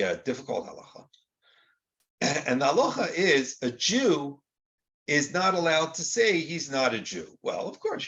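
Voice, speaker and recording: An older man with a slightly high voice teaches Torah in an informal, conversational lecture. He often acts out quoted exchanges, using rhetorical rises.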